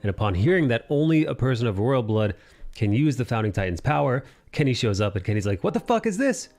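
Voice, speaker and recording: A young man hosting a casual anime discussion podcast, recapping scenes animatedly and jumping into quick character voices. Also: medium pitch, lively intonation, darkish tone. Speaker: podcast host.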